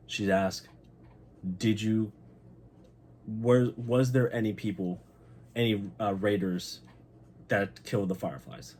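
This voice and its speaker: A young man with a very low voice talks through a TV episode in a loose, excited vlog style. He swears freely and turns heartfelt, and a faint hiss sits under his voice. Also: slow pace, long pauses. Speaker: channel host. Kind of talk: casual episode recap.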